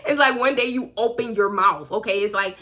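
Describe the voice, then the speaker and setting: A woman reads for her viewers on a live stream. Her voice has a bright, sharp edge. She talks in a blunt, swearing, conversational way that hammers each point home, at a middle pitch. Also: fairly quick. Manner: emphatic, profane, conversational. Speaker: intuitive card reader. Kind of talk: live-streamed spiritual reading.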